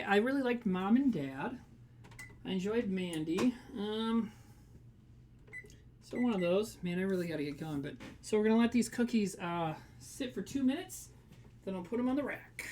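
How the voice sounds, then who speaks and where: A man's voice: sits high, expressive, unhurried, a little mellow, a little hiss or hum. A man hosting a livestream from his home kitchen, baking cookies and chatting casually with viewers in a rambling, joking way. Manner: rambling, jokey, reads chat aloud and laughs.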